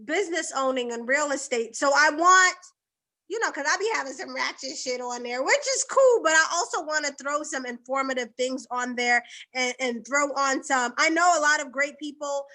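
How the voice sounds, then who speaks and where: Bright high-voiced woman, casual podcast guest. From Boston, USA. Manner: laughs easily, lively and joking.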